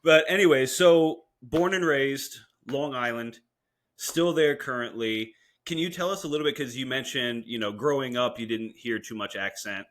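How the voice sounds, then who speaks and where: A man's voice: medium pitch, moderate pace, a bit bright. A man hosting a podcast in casual chat, laid-back, swearing and laughing easily. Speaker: podcast host.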